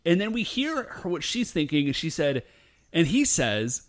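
A man co-hosting a casual chat, excitedly retelling an episode and acting out the characters' lines. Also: on the high side, moderate pace. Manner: animated, acts out characters' lines while retelling. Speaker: podcast co-host. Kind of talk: casual chat recapping a show.

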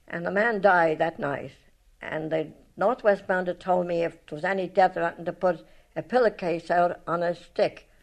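An older woman with an Irish accent tells stories from her life in a rambling, lively way, full of restarts and retold conversations. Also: lowish voice, unhurried, low-quality recording. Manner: rambling, lively, retells past talk with many restarts. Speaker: storyteller recalling her life. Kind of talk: spoken memoir, reminiscing.

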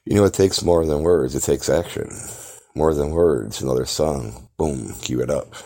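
A man's voice: a bass voice, normal speed, dark tone. A man hosting a podcast, delivering a grandiose, theatrical monologue that lectures the listener. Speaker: podcast host. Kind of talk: grandiose self-promoting monologue.

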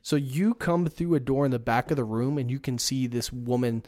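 A man's voice: medium pitch, moderate pace, dry recording. Dry-voiced man running a game. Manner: lively narration with playful put-on voices. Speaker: game master. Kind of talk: narrating a tabletop game.

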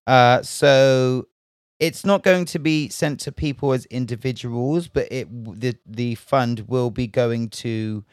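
Young man, casual commentary, frank, animated, dry close sound. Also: medium pitch, slow pace, clean tone, no room sound. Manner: animated, frank, sighs and restarts often. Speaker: commentary vlogger.

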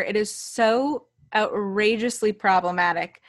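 A woman co-hosts a podcast, taking her time as she spins anecdotes with animated emphasis. Her voice sits in the middle of the range and sounds dry and close to the mic. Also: mid-range voice, dry recording. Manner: unhurried, animated anecdote-telling. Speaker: podcast co-host. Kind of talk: casual chat. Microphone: studio microphone.

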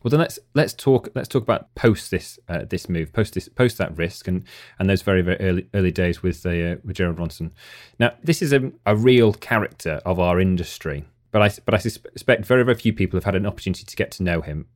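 A man hosting an interview and asking questions in a halting way, repeating words as he goes. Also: deep voice, animated. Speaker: interviewer, host. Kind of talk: interview conversation.

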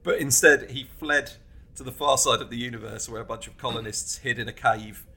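A man's voice: mid-range voice, fairly even intonation, brisk, sharp tone, husky. A man co-hosting a podcast in casual chat, retelling scenes animatedly and laughing often. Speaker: podcast co-host.

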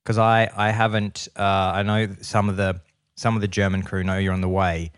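A man's voice: lowish voice, little pitch movement, clean tone, no echo. Joking Australian man, dry sound. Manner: joking, quick banter. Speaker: podcast host. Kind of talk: casual chat.

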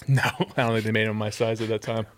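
A man's voice: fairly low pitch, level tone, fast. A man in his thirties, a guest on a podcast, telling rambling stories in casual chat and laughing often. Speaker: guest, sneaker customizer.

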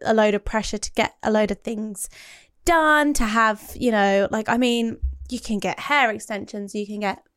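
A woman hosts a relaxed podcast interview in a fairly high, smooth voice. She chats freely and fills her speech with casual fillers. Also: normal speed. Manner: friendly, chatty, lots of "like". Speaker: podcast host.

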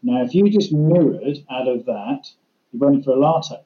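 A man's voice: medium pitch, animated, normal speed, dull audio. A man, a communication trainer explaining listening techniques in a practical way with worked examples. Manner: practical, illustrates with acted-out examples. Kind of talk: explaining in a podcast conversation.

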